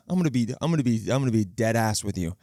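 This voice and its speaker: A man in his thirties hosts a casual solo podcast, drifting from point to point with jokes, cursing and false starts. His voice sits at an ordinary middle pitch. He speaks close into a mic in a dry, deadened room. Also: expressive, fast, warm tone, dry recording. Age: 30s. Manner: rambling, joking, profane, restarts phrases. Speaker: podcast host. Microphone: close studio mic.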